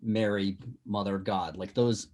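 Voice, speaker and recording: A man's voice: medium pitch, expressive, brisk, a little mellow. A man from near the South Shore with a light Boston accent, a podcast host chatting casually and explaining with lots of fillers and restarts. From Massachusetts, inland of the South Shore. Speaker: podcast host, former tour guide. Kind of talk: casual chat.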